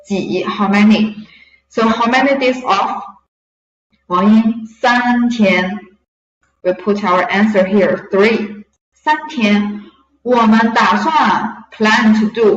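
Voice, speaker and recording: A woman teacher of Chinese, Mandarin being her first language, speaks on the high side as she explains a lesson with slow patience, mixing English and Mandarin. The audio is lo-fi, echoey, dull, and far from the mic.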